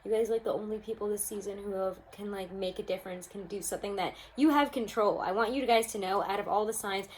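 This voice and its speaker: Talking fast with few pauses, a young tarot reader speaks directly to her viewers from home, chatty and upbeat, addressing them as "guys." Her voice is medium-pitched, and the poor audio has slight background noise.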